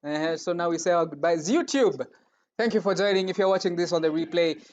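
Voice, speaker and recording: A man's voice: sits high, fairly quick. Kenyan male co-host, joking and chatty, heard through lo-fi call audio with light noise. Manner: playful, laughs often, mixes in Swahili. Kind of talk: casual chat. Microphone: video call.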